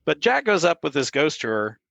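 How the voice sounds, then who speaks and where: A man's voice: on the high side, normal speed, gravelly, dry recording, rough recording. A man, a podcast guest telling stories in casual chat and acting out the lines of the people in them. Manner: animated storyteller who acts out the quoted lines.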